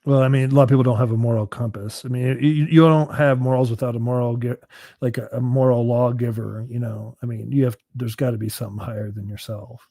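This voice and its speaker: A man's voice: mid-range voice, level tone, quick pace, gravelly, warm tone, no echo, clean studio sound. A man talking on a casual livestream panel, musing hesitantly with plenty of fillers. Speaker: panel guest.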